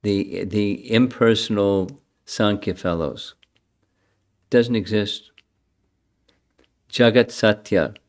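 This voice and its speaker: Older male spiritual teacher, low unhurried delivery, conversational scripture lecture with chanted verses. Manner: chants verses, then explains them, conversational.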